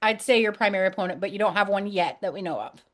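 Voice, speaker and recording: A woman's voice: mid-range voice, fast talker. A woman hosting a casual interview, bubbly and chatty. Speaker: podcast host.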